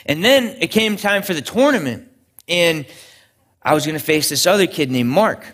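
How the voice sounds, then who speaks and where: A man's voice: fairly high pitch, expressive, moderate pace, fairly bright tone. A young adult man, a pastor, preaching a sermon in an earnest storytelling way with frequent restarts.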